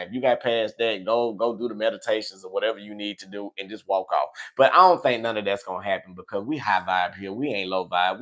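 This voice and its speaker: A man reading tarot on a livestream, repeating affirmations and giving relaxed, chatty shout-outs, laughing easily. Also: fairly low pitch. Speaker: tarot reader. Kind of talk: casual livestream sign-off with affirmations.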